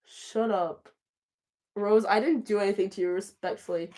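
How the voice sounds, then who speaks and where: A woman's voice: mid-range voice, fairly even intonation, mellow. Chatty woman streamer reacting to chat. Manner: chatty, reacts to chat messages, quick flustered restarts. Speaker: livestreamer answering chat. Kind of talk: casual livestream chat.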